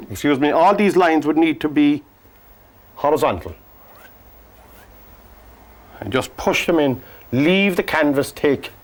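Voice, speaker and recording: A man from Cork with an Irish accent, teaching a painting lesson in a gentle, joking, soft-spoken way. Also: on the high side. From Ireland. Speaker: painting instructor. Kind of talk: painting lesson with chatty asides.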